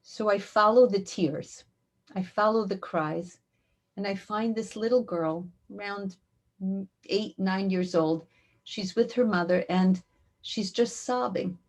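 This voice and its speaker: A woman, a rebbetzin and community educator, telling heartfelt stories in an interview, her voice climbing high when she quotes what she said. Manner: heartfelt, animated storytelling, rises high when quoting. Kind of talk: interview storytelling.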